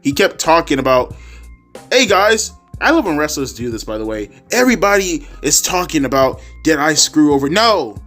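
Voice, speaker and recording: A man's voice: on the high side, fairly bright tone. Profane ranting man, music behind. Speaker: wrestling commentary vlogger. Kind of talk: profane rant.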